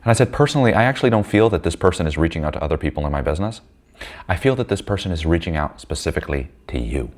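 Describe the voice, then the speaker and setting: A man's voice: low voice, animated, very fast. A man leading a men's group, telling a personal story in a blunt, heated, profane way.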